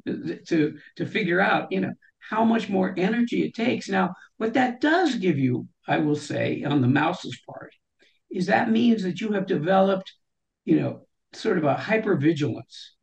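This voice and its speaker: Woman guest, gravelly edge to the voice, reflective and explanatory in conversation. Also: lowish voice, animated, moderate pace, darkish tone, low-quality recording. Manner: reflective, explains ideas through everyday examples. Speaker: guest on a leadership talk show. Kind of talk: conversational interview.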